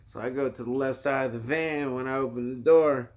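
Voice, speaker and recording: A man's voice: medium pitch, steady tone, a little fast. A man chatting as a guest in a laid-back, offhand way. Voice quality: gravelly. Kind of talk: casual chat.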